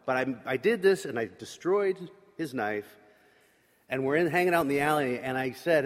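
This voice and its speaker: A man's voice: mid-range voice, expressive, moderate pace. Man telling a confession in an echoing hall. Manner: confessional, candid, with casual fillers. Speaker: speaker at an evening service. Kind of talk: personal story in a sermon. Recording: long hall reverb.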